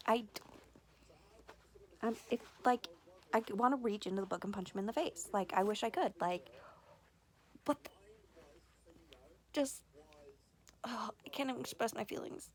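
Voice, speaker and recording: A woman's voice: a little high, normal speed, long pauses. Gushing, swearing woman book vlogger. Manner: excitable and gushing, frequent "like" fillers, swears freely. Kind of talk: casual vlog chat.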